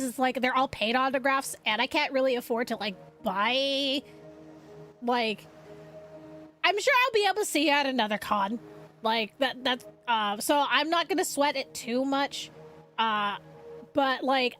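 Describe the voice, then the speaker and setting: A young woman streamer chatting casually with her viewers, rambling, animated and laughing often. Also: sits high.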